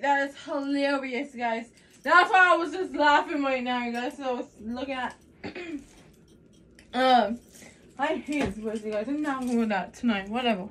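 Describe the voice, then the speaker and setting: A woman vlogging to her phone in a giggly, excitable way, calling out to her viewers over and over. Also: sits high, recorded from a distance. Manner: giggly, excitable, keeps saying "you guys". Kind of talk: casual phone vlog. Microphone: phone set down nearby.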